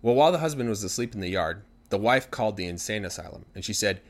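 A man retelling a story for language learners in an animated, conversational way. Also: on the low side, quick pace.

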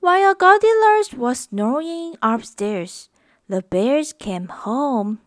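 A woman reading a children's story aloud in a slow, expressive, singsong way. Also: high voice, no room sound, studio quality.

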